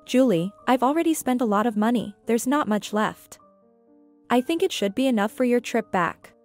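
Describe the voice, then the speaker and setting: A woman's voice: on the high side, expressive, moderate pace, faint music behind, close to an everyday voice. A woman reading the lines of a weary, guarded grieving woman in her plain storytelling voice.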